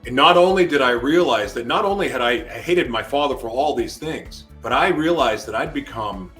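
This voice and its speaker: A man as an interview guest, telling a personal testimony in an animated way and acting out his own shouted words. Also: medium pitch, normal speed, faint music behind.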